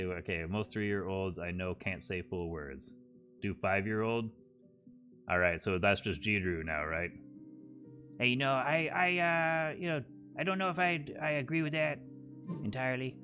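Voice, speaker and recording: A man's voice: on the low side, sharp tone, muffled recording. Crude joking male gaming streamer. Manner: crude, joking, swears often. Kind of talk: casual gameplay commentary. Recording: game music behind.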